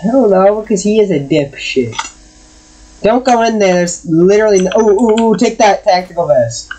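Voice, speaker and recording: A woman chatting casually while gaming, loudly scolding her cat, swearing and laughing. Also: mid-range voice, lively intonation, moderate pace, slight background noise, poor audio. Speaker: gamer.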